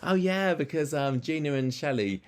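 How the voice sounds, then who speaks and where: A man co-hosting a podcast in casual chat, animated and jumping up in pitch when something excites him. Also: moderate pace, clear, resonant tone. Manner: chatty, jumps up in pitch when enthused. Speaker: podcast co-host.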